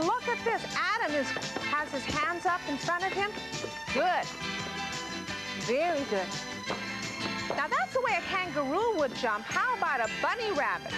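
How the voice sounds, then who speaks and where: A woman's voice: very high voice, poor audio. A woman hosting a children's TV show, talking to young children in a cheerful, encouraging way.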